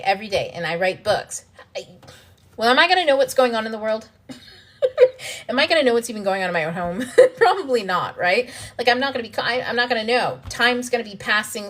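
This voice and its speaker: A woman's voice: mid-range voice, a bit bright. A woman who hosts and writes books, talking casually in a livestream and answering viewer questions, blunt and profane, laughing often. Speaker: author and self-development host.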